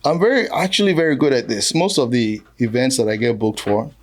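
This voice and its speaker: A man's voice: mid-range voice, fairly quick, slight background noise. A man from Nigeria, a comedian, telling jokes and stories in a casual podcast conversation. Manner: jokey, animated storytelling with voiced asides.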